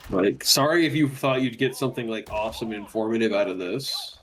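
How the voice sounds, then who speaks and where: A man's voice: mid-range voice, lively intonation, fairly quick, a bit bright, slight background noise. A man co-streaming a game, joking and chatting casually, sometimes swearing. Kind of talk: casual chat while gaming.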